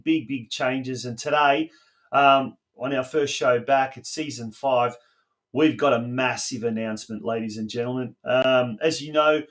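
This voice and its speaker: A middle-aged man hosting a soccer podcast, rambling and halting, with lots of fillers and restarts. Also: medium pitch. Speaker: podcast host.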